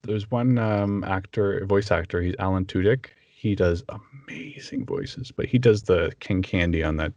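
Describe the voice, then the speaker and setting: A man, a voice actor, chatting in an interview and animated, often breaking into impressions. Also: low-pitched, normal speed, hardly any pauses, dry recording, dull audio. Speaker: voice actor guest. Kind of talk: casual interview chat.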